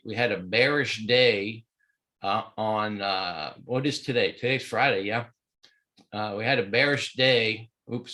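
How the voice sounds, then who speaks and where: A man's voice: mid-range voice, bright, forceful tone. Casual sniffly man walking through charts. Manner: casual, rambling, chatty with fillers. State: sniffly, stuffy nose. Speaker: trading mentor. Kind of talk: live market walkthrough. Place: home in Hawaii.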